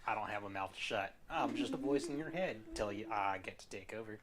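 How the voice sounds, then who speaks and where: A man's voice: fairly low pitch, brisk, a bit bright, lightly acted. A man voicing a gleeful, sardonic murderous spirit.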